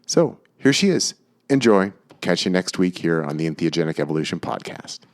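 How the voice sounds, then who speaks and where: A man in his forties from the United States, hosting a podcast in an easygoing, chatty way with frequent filler pauses. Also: sits low, big pitch swings. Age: 40s. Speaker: podcast host. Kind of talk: casual podcast talk.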